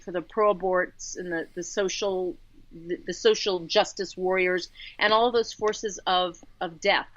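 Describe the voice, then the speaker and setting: A woman's voice: medium pitch, fairly bright tone, no echo, dull audio. A woman co-hosting a talk radio show, making emphatic points and often repeating words as she builds them. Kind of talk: casual talk radio commentary.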